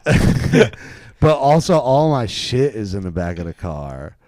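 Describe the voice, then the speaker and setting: A man tells a comic story on a podcast. He is animated and profane, often laughing into his own lines. The sound is dry and close. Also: lowish voice, unhurried, dry recording. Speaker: comedian guest.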